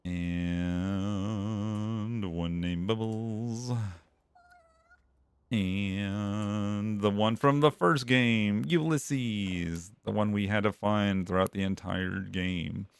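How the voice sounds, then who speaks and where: A man's voice: fairly low pitch, slow pace, gravelly, smooth, no room sound. A male streamer giving casual gameplay commentary, laid-back and chatty, with swearing and laughs.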